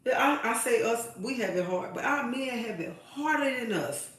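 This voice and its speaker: Hosting a live stream, a woman delivers an impassioned, preachy advice monologue to women, repeating phrases for emphasis. Her fairly high, slightly bright voice has lively intonation at normal speed, recorded far from the mic in a very echoey room.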